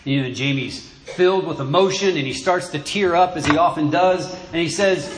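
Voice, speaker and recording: A man preaching a sermon in church, halting and repeating words as he goes. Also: fairly high pitch, noisy background. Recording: echoey room.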